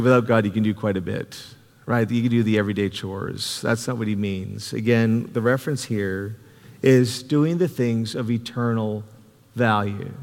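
Male pastor, mid-pitched, earnest storyteller, preaching in a reverberant sanctuary. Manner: earnest, conversational, with frequent restarts. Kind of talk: sermon storytelling. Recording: reverberant hall.

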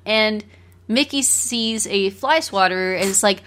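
Co-hosting a podcast in a casual film discussion, a woman animatedly retells a cartoon plot and laughs easily. Her mid-range voice is fairly bright and a little slow.

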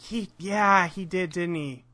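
Bright-voiced man hosting a podcast. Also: sits high, slow. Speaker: podcast host. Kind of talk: casual podcast chat.

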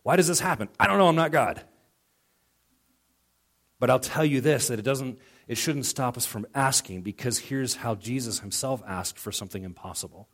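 A man's voice: mid-range voice, expressive, moderate pace, fairly bright tone. A middle-aged male pastor preaching a sermon in a conversational way, telling personal stories and acting out quoted dialogue.

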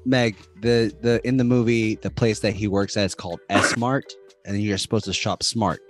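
A man's voice: on the low side, steady tone, moderate pace, soft background music. A man in casual chat, questioning and doubting what others say.

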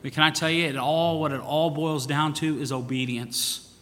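Pastor preaching in a reverberant church. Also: male voice, fairly high pitch, steady tone, moderate pace, a bit bright. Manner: preaching with rising emphasis and scripture quotes. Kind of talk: sermon.

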